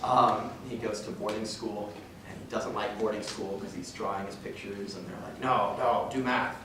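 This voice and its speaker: A young guest speaker gives an earnest, emotional faith talk to a parish group, rambling with restarts and chuckles. His voice is lowish and fairly flat at a moderate pace, recorded from far off in a very echoey, noisy hall.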